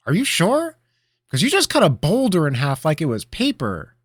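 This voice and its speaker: A man voicing an excitable young male apprentice mage who gushes and interrupts in a breathless rush. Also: a little high, measured pace, breathy edge, no room sound, clean studio sound, pitched above the performer's own voice, heavily acted. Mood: excited.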